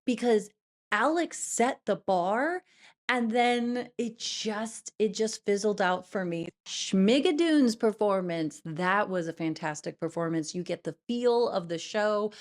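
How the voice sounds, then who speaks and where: A woman's voice: mid-range voice, measured pace, a little mellow. Chatty woman theater vlogger. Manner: chatty, apologetic, addresses viewers as darlings. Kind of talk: casual reaction commentary.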